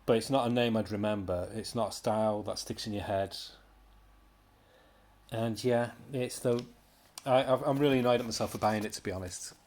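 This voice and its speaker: A man's voice: on the low side, fairly even intonation, moderate pace, darkish tone. A British man giving a casual, rambling comic book review, exasperated, with sighs and mocking impressions.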